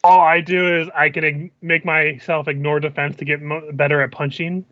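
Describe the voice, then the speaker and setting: A man's voice: fairly high pitch, little pitch movement, normal speed, no room sound, muffled recording. A man playing in an online tabletop game, chatting in a blunt, goofy way. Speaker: player. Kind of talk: casual chat between players.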